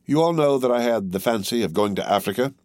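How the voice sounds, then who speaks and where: A man's voice: medium pitch, animated, fast, darkish tone, no echo, voice pushed up, natural voice. A man voicing an effusive, dashing male aristocrat of about thirty. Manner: effusive, grand.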